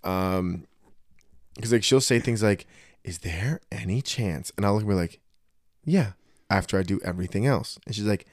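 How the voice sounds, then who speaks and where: Blunt low-voiced man telling stories. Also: fairly quick, dry recording, studio quality. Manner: blunt, animated storytelling with swearing. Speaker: podcast co-host. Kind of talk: casual podcast chat.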